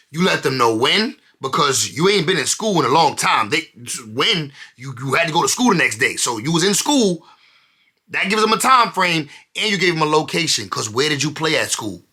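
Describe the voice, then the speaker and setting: A man giving animated, slang-heavy commentary while reading from court documents. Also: a little high, breathy edge. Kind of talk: casual commentary.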